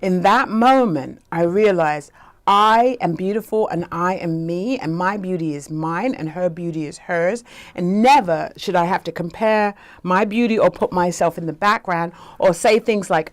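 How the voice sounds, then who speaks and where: A woman with a somewhat low voice tells a personal story as a life coach. She speaks conversationally and keeps checking in with the listener by asking "right?". She acts out the voices of the people in her story. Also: normal speed.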